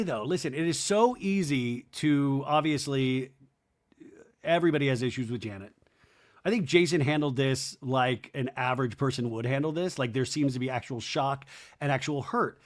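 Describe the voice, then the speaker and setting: A man hosting a podcast, recapping a reality show in casual, animated commentary and acting out quotes in quick mock voices. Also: medium pitch. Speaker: podcast host.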